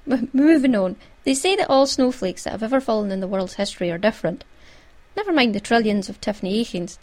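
A woman's voice: mid-range voice, lively intonation, quick pace, darkish tone. A woman with a Scottish accent chatting casually and wryly as a host, amused at her own stories. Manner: chatty, wry, self-amused. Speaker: podcast host. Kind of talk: casual chat.

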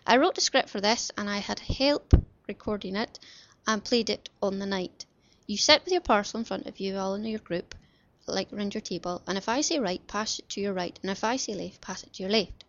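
Female podcast host, gravelly edge, chatty and self-mocking, dry lo-fi home sound. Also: medium pitch. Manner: cheerful, rambling, self-deprecating asides. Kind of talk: chatty craft podcast talk. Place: bedroom at home. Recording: slightly dull lo-fi home recording.

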